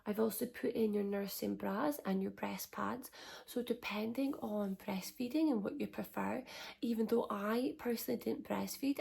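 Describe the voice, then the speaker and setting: Young woman, gravelly and husky, soft reassuring parenting vlog chat. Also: medium pitch. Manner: soft, chatty and reassuring, often near a whisper. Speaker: parenting vlogger, first-time mum. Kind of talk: casual advice chat to camera.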